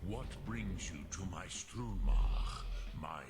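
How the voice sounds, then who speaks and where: An actor playing an ancient, wise male dragon in a video game who speaks slowly and formally. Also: low-pitched, lively intonation, husky, full character voice. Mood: solemn. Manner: slow, solemn, ceremonial speech. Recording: game audio with loud noise behind.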